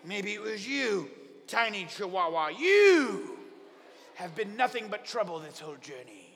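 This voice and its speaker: Panicked sailors hurl accusations across the deck, voiced by a man. The voice is high and bright, with a shouted, frantic edge. It rings out in a reverberant hall. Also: big pitch swings, unhurried, a little hiss or hum, full character voice.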